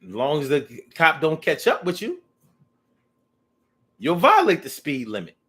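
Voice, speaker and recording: A man talking in a casual, rambling monologue, animated and profane, to his own audience. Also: on the high side, a little slow. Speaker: vlogger.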